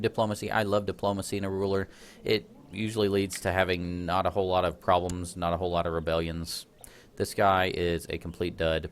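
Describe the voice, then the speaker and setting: A man's voice: sits low, a little hiss or hum. Chatty man narrating his strategy game. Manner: chatty, self-deprecating, laughs at himself. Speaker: let's play host. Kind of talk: casual gameplay commentary.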